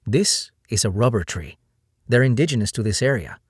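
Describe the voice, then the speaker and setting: A man voicing a proud jungle guide with a Spanish accent, gently teasing, read in an audiobook. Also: medium pitch, lively intonation, moderate pace, husky, no echo, clean studio sound.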